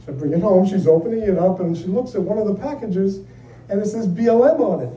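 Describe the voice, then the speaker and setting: A man's voice: high-pitched, fast talker, warm tone. An older man doing a stand-up set, telling profane, exasperated stories about married life. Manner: brash, profane, exasperated storytelling. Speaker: stand-up comedian. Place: comedy club stage. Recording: roomy live club sound from a distant mic. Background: audience laughter.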